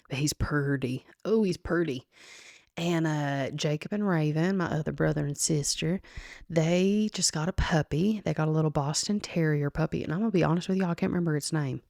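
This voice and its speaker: A woman's voice: sits low, darkish tone, no echo, studio quality. A woman hosting a solo podcast, talking casually to her listeners in a chatty, rambling way with frequent laughs. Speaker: podcast host.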